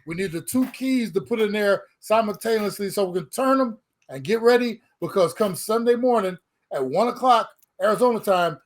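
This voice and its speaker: High-voiced man talking football. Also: normal speed. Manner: animated, emphatic, repeats words when starting. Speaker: podcast co-host, former player. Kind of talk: casual sports chat.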